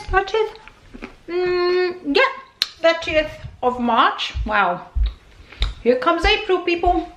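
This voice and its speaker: Chatty high-voiced woman vlogging from home. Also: slight background noise. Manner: chatty, rambling, laughs often. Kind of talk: casual chat to camera. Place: at home, indoors.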